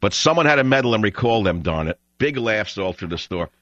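A man hosting a talk radio show, ranting in an animated way and breaking into loud shouting. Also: lowish voice, fairly quick, dry recording. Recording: dull lo-fi radio broadcast.

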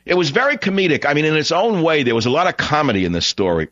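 A man's voice: on the high side, rapid-fire, hardly any pauses, dry recording. Male talk radio host, close dry studio mic, slightly dull sound, rambling storyteller. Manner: rambling, animated anecdote teller.

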